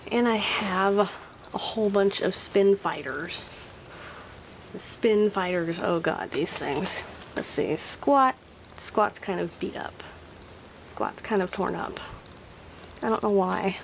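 At home, a woman shows off her old toy collection, chatting casually and nostalgically while thinking aloud. Her medium-pitched voice has lively intonation but is slow and creaky, with long pauses, and the home recording is noisy.

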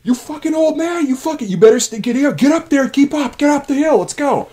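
A man voicing a harsh male army drill sergeant who shouts profane orders. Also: extremely high pitch, animated, a little fast, voice pushed up. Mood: screaming.

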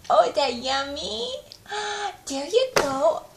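A woman's voice: high-pitched, animated, slow, gravelly. A woman filming her baby's feeding at home, talking to the baby and the dog in a sing-song baby voice with lots of laughter. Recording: echoey room with faint noise.

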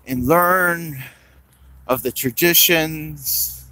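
Man doing a preachy bar lecturer, slow, lofty, higher-pitched. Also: sharp tone, heavily acted.

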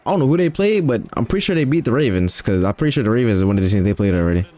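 Young man, gameplay commentary, excitable trash talk, lively swooping pitch, middle-pitched voice. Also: very fast. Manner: excitable trash-talking, frequent exclamations. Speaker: gamer.

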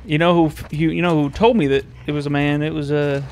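A man's voice: on the high side, quick pace, a little hiss or hum. A man co-hosting a gaming video, telling absurd jokes in a dry way and laughing often. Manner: joking, deadpan absurd storytelling, laughs often. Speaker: gaming co-host. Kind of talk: casual let's-play commentary.

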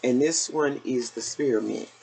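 Chatty older woman with a gravelly voice. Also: a bass voice, unhurried, background noise. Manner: chatty, down-home, addresses viewers as y'all. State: a little out of breath. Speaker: vlogger. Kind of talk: casual haul video chat.

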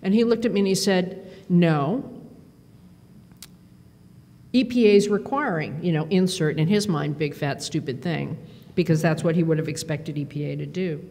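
A middle-aged woman giving a conference keynote, telling stories in an animated, self-deprecating way with quick asides. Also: deep voice. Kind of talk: storytelling speech. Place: performance hall. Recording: long hall reverb, faint ambience.

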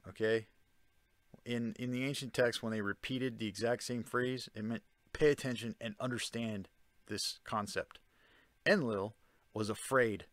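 A man's voice: mid-range voice, a bit bright, dry recording. A man giving a casual spoken explanation, often checking in with the listener by asking "Okay?" and "Right?". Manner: conversational, with fillers and restarts. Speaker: self-taught commentator on ancient texts.

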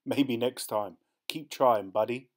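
Man reading a kind patient father, soft and encouraging, storybook dad. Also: medium pitch, slow. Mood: gentle. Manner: gentle, encouraging, soft-spoken. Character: patient, gentle dad on a fishing trip. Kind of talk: storybook read-aloud.

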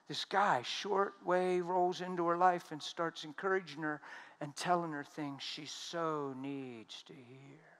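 Preacher guy with a bright ringing voice, emphatic, goes loud then quiet. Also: on the high side, steady tone, measured pace. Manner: emphatic storytelling, swings from loud to hushed. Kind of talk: sermon.

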